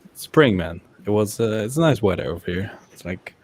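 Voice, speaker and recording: A man from Europe joining a live stream as a guest, relaxed and easygoing in casual chat. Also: lowish voice, moderate pace, slightly rough.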